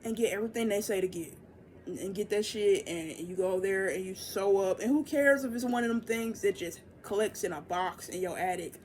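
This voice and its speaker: A young woman giving a casual, profane oracle reading, loose and chatty, jumping into excited high bursts. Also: brisk, a little hiss or hum. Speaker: tarot and oracle reader.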